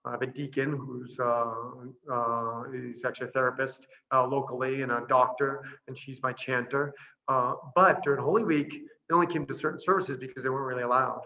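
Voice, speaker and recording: A man who is a priest and orphanage director, chatting casually over a video call, animated and laughing often as he tells stories. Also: mid-range voice, brisk, gravelly, dull audio. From Boston area. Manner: laughing often, animated storytelling with voiced asides.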